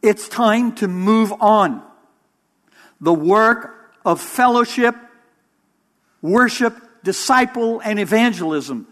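A male interim pastor delivering a sermon with a high-pitched voice. He takes his time, speaking slowly and pausing often. His delivery is measured and emphatic, leaning hard on key words. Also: animated, a bit bright. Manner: emphatic, measured preaching with pauses.

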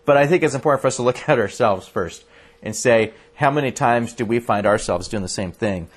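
Husky-voiced man preaching earnestly. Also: mid-range voice, fairly quick. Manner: earnest, animated storytelling with frequent restarts. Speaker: pastor. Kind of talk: sermon.

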